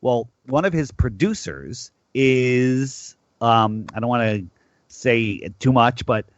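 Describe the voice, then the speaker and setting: Measured male podcast guest. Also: mid-range voice, lively intonation, no echo, lo-fi sound. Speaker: guest caller. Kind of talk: casual call-in chat.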